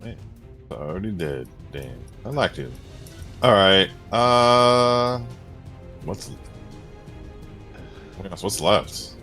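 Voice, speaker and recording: A man's voice: lowish voice, expressive, takes it slowly, pauses often, sharp tone, soft background music. A man playing a tabletop game, speaking in a laid-back, resigned way. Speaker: player.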